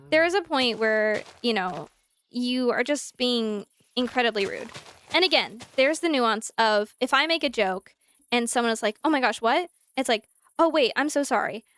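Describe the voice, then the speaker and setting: A young adult woman streamer chatting casually and animatedly, answering her chat while she plays. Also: a little high. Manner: animated, talks through examples, answers chat.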